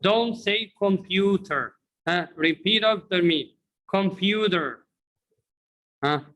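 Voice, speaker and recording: Egyptian man teaching English, slightly high voice. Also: measured pace, a bit bright, low-quality recording. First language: Arabic. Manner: repeats and quizzes viewers, switching between English and Arabic. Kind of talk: online language lesson.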